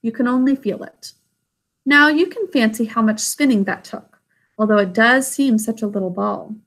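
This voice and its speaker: Wise old grandma, calm and measured, gentle, read by a woman. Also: a little high.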